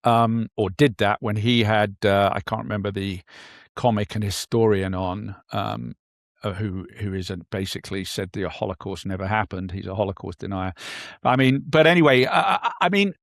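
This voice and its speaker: A man's voice: on the low side, gravelly, no echo. Guy on a politics podcast, lots of ums and restarts, dry close sound. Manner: halting, many fillers and restarts. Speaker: podcast co-host. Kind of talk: casual political discussion.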